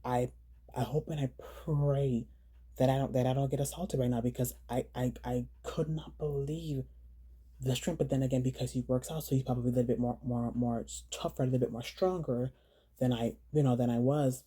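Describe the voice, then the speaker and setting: A woman telling her own story in a vlog, halting and earnest, often repeating words and phrases. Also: very deep voice, fairly even intonation, mellow, slightly rough. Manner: earnest, urging viewers to slow down.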